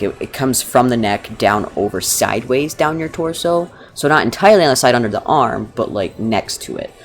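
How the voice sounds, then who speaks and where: Woman, casual live-stream chat, gravelly voice, rambling, swears casually, faint music behind. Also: rumbling low. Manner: rambling and chatty, swears casually, laughs often. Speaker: streamer making fursuit badges. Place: living room couch at home.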